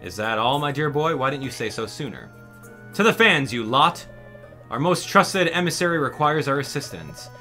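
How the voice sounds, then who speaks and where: A man's voice: mid-range voice, sing-song, moderate pace, pushed and bright, faint music behind. A man voicing a grand, gracious mouse king in a video game, speaking in a formal, courtly way.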